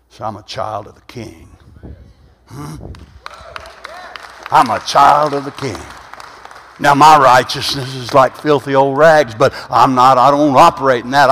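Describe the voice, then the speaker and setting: A man in his sixties preaching an informal sermon, rambling and conversational with frequent "huh?" asides, swinging from quiet, low musing to loud, emphatic bursts. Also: measured pace, long pauses. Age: 60s. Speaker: pastor. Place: church sanctuary. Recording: reverberant church hall.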